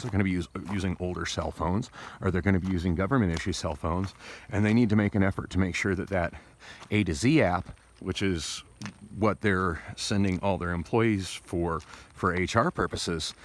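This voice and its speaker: A man talking through a casual, rambling vlog monologue with many restarts, speaking through tooth pain and recorded on a phone. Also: sits low. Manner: rambling, with frequent restarts and digressions. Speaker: vlogger. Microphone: phone camera.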